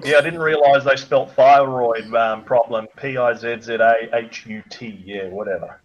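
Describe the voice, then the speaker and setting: A man's voice: medium pitch, steady tone, normal speed, highs cut off, slight background noise. An Australian man ranting in a crude, mocking way, firing off insults as a guest on a chat show.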